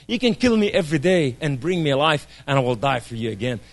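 A man giving an impassioned testimony sermon, swinging between loud cries and hushed, low speech. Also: sing-song, fast.

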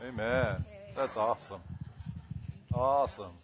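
A man's voice: mid-range voice, unhurried, slight background noise. A man leading a church service, affirming the congregation with short church exclamations and calling people forward.

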